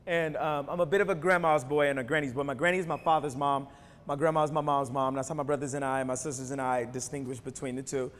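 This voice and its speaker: A man performing slam poetry before an audience, rhythmic, with emphatic rises between relaxed, joking asides. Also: mid-range voice, fast talker. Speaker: performance poet. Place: university hall before an audience. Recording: long hall reverb from a live stage.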